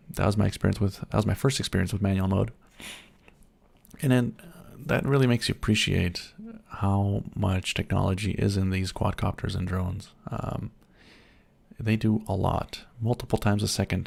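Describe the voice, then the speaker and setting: Very gravelly, low-voiced man hosting a livestream. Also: a little mellow. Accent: slight American. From Germany. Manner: chatty, reads out and answers viewer comments, laughs easily. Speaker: livestream host. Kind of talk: casual livestream chat.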